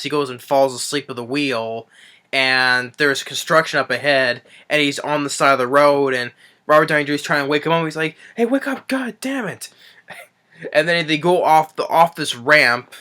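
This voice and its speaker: A man's voice: on the high side, sharp tone, smooth. A man recapping a movie in a casual review, rambling with frequent restarts and swearing.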